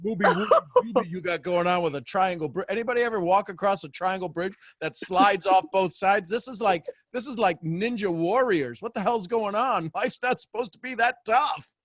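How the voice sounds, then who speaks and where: A man hosting a casual group coaching chat, playful and animated and laughing often. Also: sits high, fairly quick, few pauses, no echo, clean studio sound. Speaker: host.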